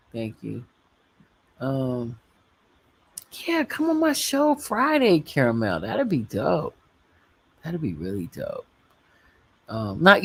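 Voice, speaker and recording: Rambling, chatty woman with a gravelly voice. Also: rumbling low. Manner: chatty, rambling, laughs often. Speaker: livestream host. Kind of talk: casual livestream chat.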